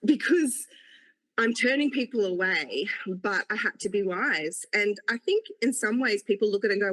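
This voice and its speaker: A woman's voice: medium pitch, moderate pace, low-quality recording. A woman, a podcast guest speaking earnestly about her work and life. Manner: warm, earnest storytelling. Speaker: guest, cake maker. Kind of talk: conversational podcast interview.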